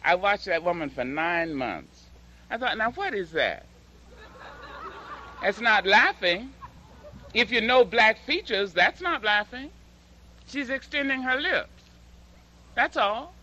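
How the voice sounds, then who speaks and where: A woman orator speaks with slow, weighty emphasis, and her pitch swings widely as she recites poetry. Her voice is bright and carrying, though the recording sounds dull and lo-fi. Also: lively intonation, slight background noise. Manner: slow, dramatic, emphatic delivery. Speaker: public speaker and poet.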